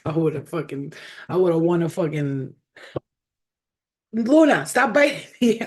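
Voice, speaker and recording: A woman hosting a casual livestream as a spiritual healer, rambling, swearing freely and laughing often. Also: on the low side.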